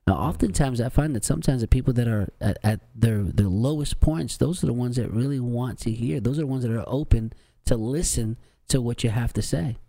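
A male co-host on a faith talk show, speaking earnestly in a preaching style that climbs in pitch. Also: fairly quick, few pauses, mellow, no room sound.

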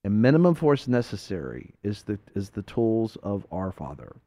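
Animated male radio host, story-driven faith chat, dry close sound. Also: fairly low pitch, moderate pace, no echo. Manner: animated storytelling with laughs and acted-out quotes. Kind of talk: casual faith talk with a story.

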